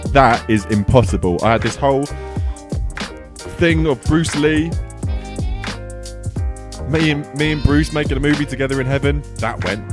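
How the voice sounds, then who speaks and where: A man's voice: medium pitch, normal speed, pauses often, music in the background. A man rambling through a jokey improvised freestyle rap, his mouth burning from spicy food. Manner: rambling, jokey, breathless rhyming.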